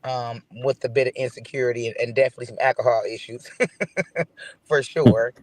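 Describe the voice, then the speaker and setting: Man, dry phone audio, halting speech, lots of ums, panel guest. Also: medium pitch, level tone, darkish tone, dry recording. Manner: halting, many fillers.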